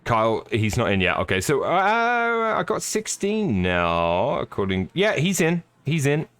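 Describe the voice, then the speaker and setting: A man's voice: medium pitch, huge pitch swings, measured pace, a bit bright, clear, resonant tone. A man commentating live on a sim race, chatty and upbeat, greeting viewers by name.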